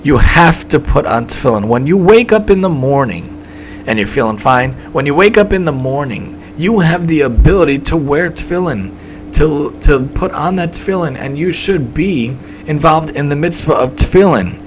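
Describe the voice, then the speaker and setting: Male preacher, emphatic storytelling sermon, lively slightly high voice, faint background hum. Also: normal speed, rough recording. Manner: emphatic, repetitive, dramatic swings in delivery.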